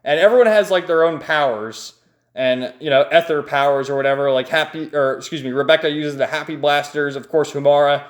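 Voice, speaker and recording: A man's voice: fairly high pitch, fairly quick. A man casually recapping a comic book page by page, enthusiastic and rambling, chuckling often. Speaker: manga reviewer.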